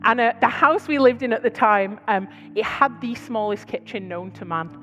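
A British woman preaching to her church, telling stories in a chatty, conversational way with quick asides. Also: on the high side, a bit bright, long reverb tail, faint music behind. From Britain. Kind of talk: sermon. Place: large church hall.

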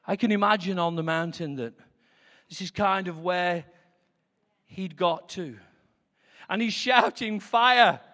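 A male preacher delivers an impassioned sermon in a high, bright voice that swings from hushed prayer to loud declaration. His words ring out with a long reverb, as if in a large hall. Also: steady tone, a little slow, pauses often.

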